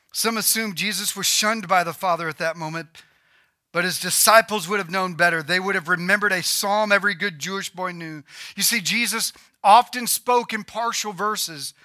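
A man delivers a sermon in a high, piercingly bright voice. He swings between forceful emphatic peaks and hushed, drawn-out lows while reading scripture. The sound is dry and close, with no room around it. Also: dry recording. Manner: dramatic swings from loud emphasis to near-whispered lows. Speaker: preacher.

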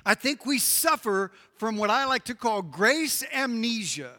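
High, bright-voiced preaching man. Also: a little slow. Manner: lively conversational preaching with repetitions. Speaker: pastor. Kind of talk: sermon. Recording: long reverb of a large hall.

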